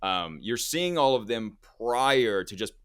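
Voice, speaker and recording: A man's voice: mid-range voice, animated, slow, clean tone, no room sound, studio quality. A man hosting a casual movie review chat, rambling and correcting himself with lots of fillers.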